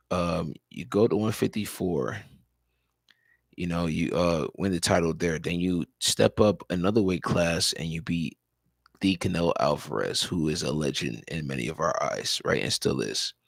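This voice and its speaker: A tired man talks sports on a casual live stream from home, rambling and repeating himself. His voice sits very low with a gravelly fry and a husky edge. The sound is dry and close. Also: dry recording. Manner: loose, rambling, leans on "you know" and repeats himself. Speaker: sports talk livestream host and high school coach. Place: at home, dog in background.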